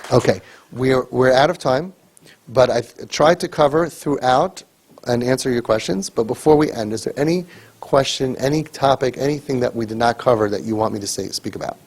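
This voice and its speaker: Husky man lecturing a group earnestly. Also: medium pitch, moderate pace, darkish tone. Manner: earnest, emphatic, with repeated rhetorical questions. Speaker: parent crisis coach leading a sibling training group.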